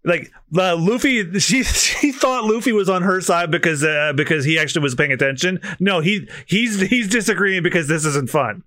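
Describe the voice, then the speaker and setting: A man co-hosting a podcast, chatting excitedly and laughing as he reads a manga aloud. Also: high voice, normal speed, dry recording, studio quality. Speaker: podcast co-host. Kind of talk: casual chat, reading manga aloud.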